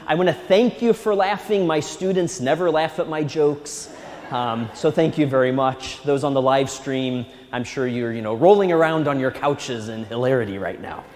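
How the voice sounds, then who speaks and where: A male priest giving a Sunday sermon in a church, speaking gently and reassuringly with a touch of humor. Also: mid-range voice, normal speed. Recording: echoey church hall.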